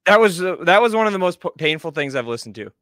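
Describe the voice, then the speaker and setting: Bright-voiced man talking stocks live. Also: high-pitched, sing-song, fast talker, dry recording, clean studio sound. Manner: chatty, joking, lots of fillers and stutters. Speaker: show host, stock commentator. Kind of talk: casual live market commentary.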